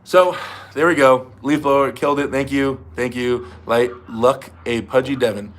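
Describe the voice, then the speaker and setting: A man's voice: mid-range voice, fairly even intonation, normal speed, fairly bright tone. A man hosting a casual livestream from his garage, joking and reading out viewer messages. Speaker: livestream host. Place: home garage.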